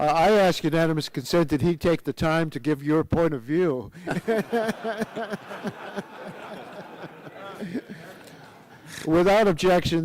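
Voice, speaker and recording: A man chairing a formal committee session, speaking haltingly with restarts and a good-humored tone. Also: on the high side, darkish tone, rough recording.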